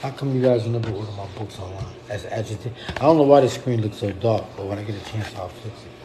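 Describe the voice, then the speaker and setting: A middle-aged poet and livestreamer with a fairly low voice talks fast over background noise. He addresses his viewers directly in a blunt, profane, repetitive rant.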